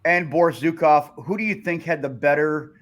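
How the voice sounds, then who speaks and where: A man's voice: a little high, moderate pace, a little hiss or hum. A man hosting a podcast, reading listener questions aloud in an upbeat way. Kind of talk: casual chat.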